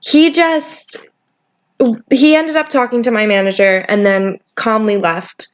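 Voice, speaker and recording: A woman's voice: fairly high pitch, unhurried, dull audio. A young woman co-hosting a podcast, casually retelling a work story and acting out the dialogue. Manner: animated retelling, acts out dialogue. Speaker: podcast co-host.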